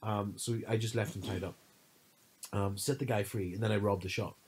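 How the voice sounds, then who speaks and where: Casual lowish man on a podcast, husky, telling a long rambling story. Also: normal speed, poor audio. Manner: animated storytelling, full of fillers. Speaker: podcast co-host. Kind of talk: casual chat.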